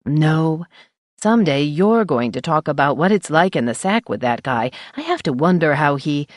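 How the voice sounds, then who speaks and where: A woman voicing a husky, bawdy middle-aged woman who runs a funeral home, drawling and teasing in an audiobook. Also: low-pitched, expressive, normal speed, no echo, clean studio sound. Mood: sly teasing. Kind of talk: audiobook character voice.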